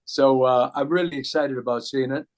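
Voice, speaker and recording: Rambling American singer telling a story. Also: male voice, medium pitch, moderate pace. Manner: rambling, many fillers and restarts. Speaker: guest singer and impressionist. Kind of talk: casual storytelling interview.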